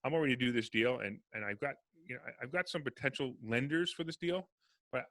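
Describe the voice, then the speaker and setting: Man, podcast guest, quick talker, bright edge, dry close sound, animated storyteller. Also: mid-range voice, dry recording. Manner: fast, animated storyteller acting out dialogue. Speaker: real estate investor guest. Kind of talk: casual podcast interview.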